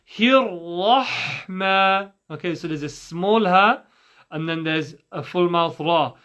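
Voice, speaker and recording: A man's voice: on the high side, measured pace, fairly bright tone. A man teaching Quran recitation rules in a patient way, demonstrating and repeating sounds for the listener. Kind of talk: recorded recitation lesson.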